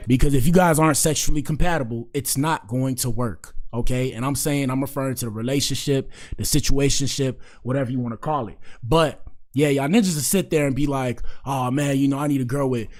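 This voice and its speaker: A man hosts a casual reaction show in an everyday, mid-pitched voice. He talks straight at his viewers, animated and loose, full of slang and catchphrases. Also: brisk. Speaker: host of a commentary show.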